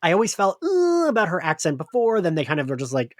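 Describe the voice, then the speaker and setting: A man's voice: high voice, fast, no echo, clean studio sound. A man in a casual pop-culture podcast chat who muses aloud and corrects himself as he goes. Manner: musing, self-correcting, animated. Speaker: podcast guest or host.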